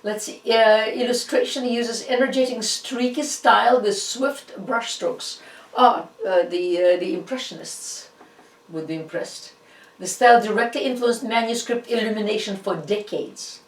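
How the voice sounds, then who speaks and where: A woman with a Russian accent, a native Russian speaker, giving an informal art history lecture with many fillers and restarts. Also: fairly high pitch. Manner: halting, many fillers and restarts, animated asides. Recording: roomy echo, distant from the mic.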